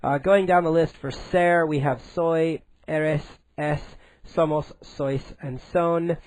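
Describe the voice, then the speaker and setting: A man teaching a recorded Spanish grammar lesson in English, explaining slowly and deliberately with frequent "uh" fillers. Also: a little high, steady tone, a little mellow, no echo, low-quality recording.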